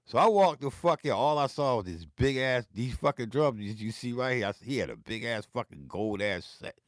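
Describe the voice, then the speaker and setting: A man's voice: medium pitch, animated, a little fast, no echo. A man telling a long, rambling, profane story in his home music studio, repeating himself as he goes. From Philadelphia. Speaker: beatmaker and vlog host. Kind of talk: casual storytelling to camera.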